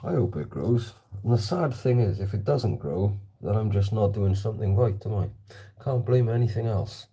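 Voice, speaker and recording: A man's voice: lowish voice, lively intonation, moderate pace, dark tone, husky. A man vlogging casually while shooting targets with a slingshot, chatting and answering viewer comments. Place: indoor hallway.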